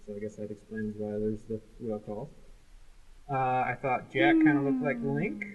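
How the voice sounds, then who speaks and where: A man's voice: mid-range voice, animated, moderate pace, phone-quality sound, slight background noise. A man co-hosting a casual podcast, rambling through jokey film comments with lots of fillers. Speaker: podcast co-host.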